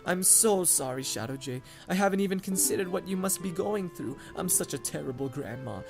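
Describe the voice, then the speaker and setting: Old grandma, kind and worried, a man doing the voice; slow, soft, doting, pitched up, game music under. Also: expressive, gravelly. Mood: tender, remorseful. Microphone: condenser mic.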